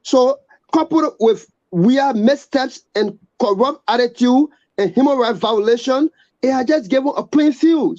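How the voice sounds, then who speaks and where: Halting man, mellow lo-fi voice. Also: extremely high pitch. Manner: halting, repeats words. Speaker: guest commentator. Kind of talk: political commentary.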